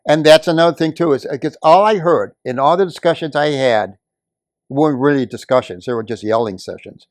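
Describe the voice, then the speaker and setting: An older man speaking at a community meeting, telling a story and building to forceful, emphatic outbursts. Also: fairly high pitch, fairly quick, dry recording, clean studio sound. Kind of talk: impassioned public comment.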